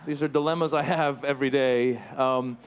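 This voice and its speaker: A middle-aged man from Iran doing a stand-up routine, animated and breaking into shouted impressions. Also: moderate pace, clear, resonant tone. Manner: animated, jumps to high shouted impressions and cat noises. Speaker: stand-up comedian. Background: audience laughter.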